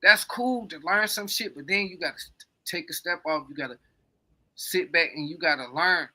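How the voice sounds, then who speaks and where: A man's voice: fairly high pitch, normal speed, pushed and bright. A man co-hosting a podcast, rambling in casual, profane, emphatic chat. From coastal United States. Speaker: podcast co-host.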